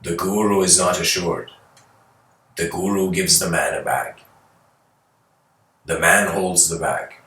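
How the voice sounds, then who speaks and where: A man giving a spiritual lecture by telling a story, rambling and animated, often restarting and adding "like" and "you know". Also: low voice, slow pace, pauses often. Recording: echoey room, mic at a distance.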